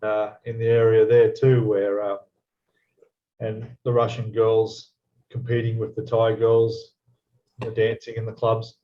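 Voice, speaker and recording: A man's voice: on the low side, completely flat delivery, unhurried. Australian man on a dull lo-fi line. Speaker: co-host. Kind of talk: casual chat. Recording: dull lo-fi sound.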